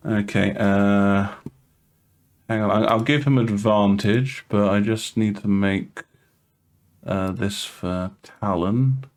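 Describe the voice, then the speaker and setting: A man's voice: on the low side, slow. Stammering male game master. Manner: stammering, repeats words. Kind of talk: narrating a tabletop game.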